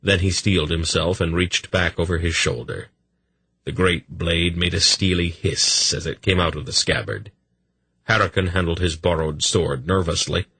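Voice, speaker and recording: A man narrating a fantasy audiobook in a measured, steady storytelling manner. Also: low voice, slightly rough, no room sound.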